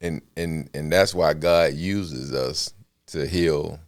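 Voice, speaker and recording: A man's voice: a bass voice, takes it slowly, no echo, studio quality. A man hosting a podcast, asking questions and giving brief affirmations in a casual interview. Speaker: podcast host.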